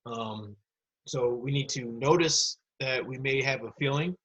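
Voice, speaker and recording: A man with a slightly husky voice teaches a recorded lesson for students. His pitch sits in the middle for a man. He explains step by step and speaks straight to the kids into a computer mic. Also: measured pace, a bit bright, poor audio. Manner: patient, explanatory, addresses kids directly.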